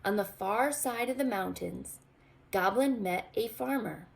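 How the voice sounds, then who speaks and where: A woman teacher reading a storybook aloud to young children, expressive and pointing out pictures. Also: medium pitch, creaky. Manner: expressive, slow, asks children to look. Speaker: pre-K teacher.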